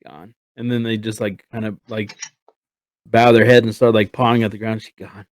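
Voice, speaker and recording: A man's voice: lowish voice, flat delivery, brisk, dry recording, poor audio. A man narrating as game master in a streamed tabletop game, rambling and full of fillers. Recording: streamed voice chat.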